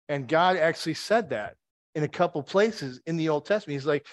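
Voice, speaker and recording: A man's voice: a little high, brisk, no echo. A man preaching a conversational sermon. He retells the story with wry asides and rhetorical questions.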